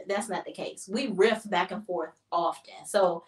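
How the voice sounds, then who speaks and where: A woman co-hosting a casual chat with her husband, talking in an animated, playful way and acting out little scenes. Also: mid-range voice, unhurried, reverberant, distant mic. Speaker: podcast co-host.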